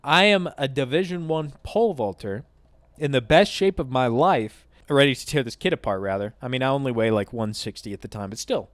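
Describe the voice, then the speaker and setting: A young man hosting a gaming channel tells a story in a loose, animated way and swears freely. His voice is smooth and resonant at a mid pitch. It is recorded close and dry, with no room sound. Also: a little fast, dry recording. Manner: animated, profane, acts out both sides of arguments. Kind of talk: casual storytime over gameplay.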